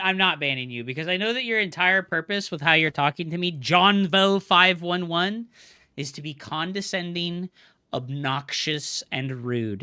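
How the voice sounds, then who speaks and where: Bright-voiced man ranting furiously at his chat. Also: a little high, dry recording, studio quality. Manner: angry profane ranting at chat. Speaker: streamer and coach. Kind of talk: live game stream commentary.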